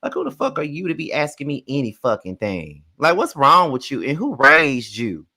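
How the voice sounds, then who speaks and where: Sassy, bright-voiced man recapping reality TV. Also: mid-range voice, moderate pace. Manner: animated, profane, sassy retelling. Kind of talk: casual reality show recap.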